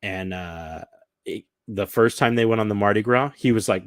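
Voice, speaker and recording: A cruise vlogger chatting casually, his voice sitting a little low. He talks with bubbly enthusiasm and wanders through his points with plenty of ums and likes. The sound is close and dry, with no room around it. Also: fairly even intonation, brisk, dry recording. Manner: chatty and enthusiastic, rambling with fillers. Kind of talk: casual chat.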